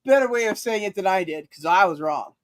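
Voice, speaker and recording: A woman's voice: medium pitch, lively intonation, a little fast, dry recording. A woman hosting a casual livestream chat. She rambles, swears freely and acts out quoted lines in raised voices. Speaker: stream host.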